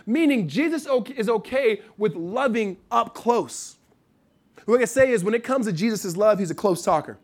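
A middle-aged man from the United States delivers a sermon in a high, light voice. He talks in a loose, conversational way, with restarts and asides. His level swings between loud, pressing points and quiet, hushed passages. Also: normal speed. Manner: animated preaching with wide swings from loud to hushed. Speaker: pastor.

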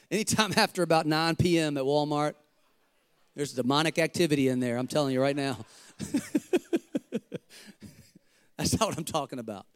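A man preaching with a fervent, emphatic drive and a fairly high voice for a man. He breaks into casual, joking asides to the congregation. The sound is dry and close. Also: normal speed, long pauses, smooth, no room sound. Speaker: pastor. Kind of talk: sermon.

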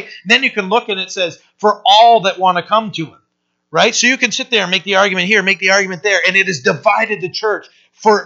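Guy pastor preaching casual, high bright voice, keeps going "right?", kinda muffled lo-fi sound. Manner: conversational, rambling, frequent "right?" asides and restarts. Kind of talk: informal Bible-study sermon. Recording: dull lo-fi recording.

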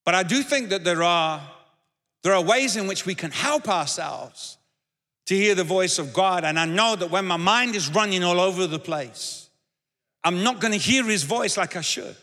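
A man's voice: high-pitched, moderate pace, bright, forceful tone, long reverb tail. A man preaching a sermon as pastor, talking conversationally and repeating words as he goes. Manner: conversational, repeats words, shifts into acted quotes.

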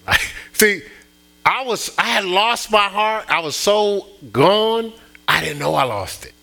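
A man's voice: fairly high pitch, expressive, normal speed, gravelly, sharp tone. A man preaching a sermon, telling a personal story with many restarts and bursts of rising emphasis. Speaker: pastor.

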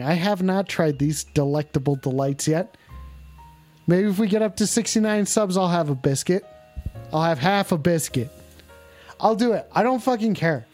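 A man hosting a livestream call-in show, talking to his chat in a rambling, exasperated, profane way, stretching some lines out and rushing others. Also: sits high, a little mellow. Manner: profane, exasperated, scolding viewers; drawn-out emphatic lines mixed with quick asides. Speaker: livestream host taking call-ins.

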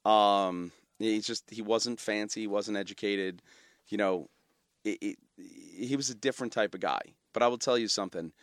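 A man, telling personal stories as a podcast guest, animated and full of fillers and restarts. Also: lowish voice, moderate pace, dry recording, clean studio sound. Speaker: guest, media company founder. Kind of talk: casual interview storytelling.

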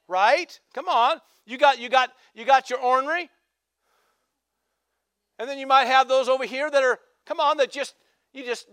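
A male pastor preaching a sermon, peppering his talk with "amen" and "come on" and rising to shouted emphasis. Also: very high voice, clean tone, no echo, clean studio sound. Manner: call-and-response exhortations, repeated "amen" and "come on".

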